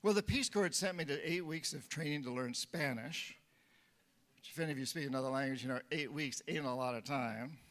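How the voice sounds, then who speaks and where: A man's voice: fairly high pitch, a bit bright. A man in his seventies from New Hampshire giving a storytelling lecture at a conference. His humor is wry and self-deprecating, and he chuckles at his own jokes. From New Hampshire, USA. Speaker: conference speaker. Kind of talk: storytelling lecture to a live audience.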